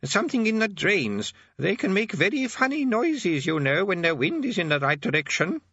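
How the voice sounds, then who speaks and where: A doddering, ancient wizard who stammers and is hard of hearing, as a man puts him on, his voice bright and lively in pitch. The sound is dull and dry, with a husky edge. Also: normal speed, no echo, full character voice. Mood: vague. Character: doddering ancient male archchancellor, sleepy, befuddled.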